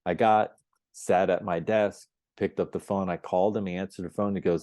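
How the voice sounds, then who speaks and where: A man on a podcast telling his story as the guest, animated, acting out the dialogue as he goes. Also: low voice, moderate pace, no room sound, studio quality. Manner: emphatic and repetitive phrasing. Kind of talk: storytelling in an interview.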